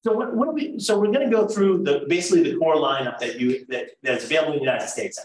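A chatty man hosts a casual livestream interview, rambling and teasing his guest. His voice sits a little high. He is recorded from a distance in an echoey room. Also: expressive, fast talker. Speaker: host. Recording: roomy, distant mic.

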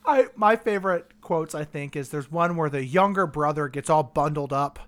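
A podcast co-host in casual chat, talkative and quick to laugh. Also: mid-range voice, a bit bright, clear, resonant tone. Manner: chatty, laughs often, swears casually.

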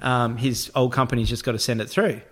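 An Australian man tells a story in a loose, chatty way, swearing as he goes. He slips into other people's voices to act out what they said, and his pitch sits in an ordinary middle range for a man. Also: level tone, quick pace, fairly bright tone. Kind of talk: casual storytelling chat.

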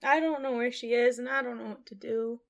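Higher-voiced woman narrating her character. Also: steady tone, brisk, gravelly. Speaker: player. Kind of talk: casual tabletop play.

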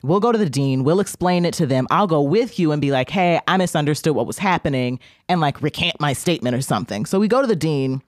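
A young woman, a podcast guest, telling a long story in casual chat, animated and profane, acting out the people she quotes. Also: sits low, quick pace, hardly any pauses, dry recording, studio quality.

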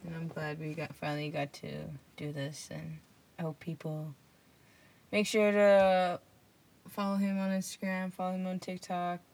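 A woman's voice: fairly low pitch, little pitch movement, moderate pace, darkish tone. A young woman hosting a casual podcast, telling stories and teasing her guest with giggles. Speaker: podcast host.

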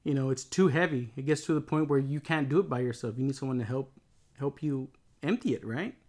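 A man's voice: mid-range voice, brisk, darkish tone. A middle-aged man talking casually and reflectively about relationships, rambling with many restarts. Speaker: co-host talking with his wife.

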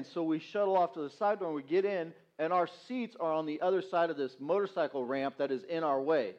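A man's voice: on the high side, fairly quick, hardly any pauses, darkish tone, highs cut off. A man preaching as youth pastor, telling a self-mocking story with acted-out quotes. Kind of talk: storytelling sermon. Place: church sanctuary.

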